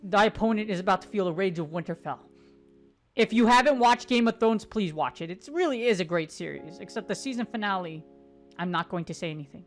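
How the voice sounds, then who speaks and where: A woman giving casual gameplay commentary, excitable and joking, swearing casually as she talks through her matches. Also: mid-range voice, fairly quick, faint music behind. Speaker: gaming commentator.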